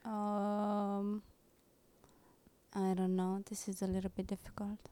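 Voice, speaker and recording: A woman's voice: mid-range voice, completely flat delivery, slow, dark tone, clean tone. A young woman guest in a casual interview, giggling often and speaking English as a second language with loose grammar.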